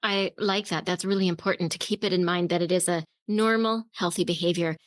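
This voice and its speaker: A woman's voice: on the low side, fairly even intonation, fairly quick, no echo. A woman hosting a parenting podcast interview, affirming her guest and summing up her points for listening parents. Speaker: podcast host.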